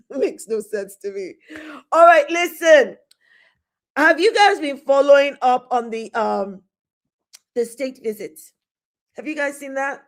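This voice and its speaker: A woman's voice: sits high, animated, slow pace, pauses often. A middle-aged woman hosting a live stream, chatting casually and greeting viewers by name with frequent laughs. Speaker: host of a live talk stream.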